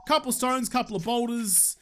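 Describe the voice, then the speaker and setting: A man's voice: very high voice, fairly quick. A young Australian man casually commentating his own gameplay, joking, swearing and talking back to the game. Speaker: gaming YouTuber. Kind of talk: casual let's-play commentary.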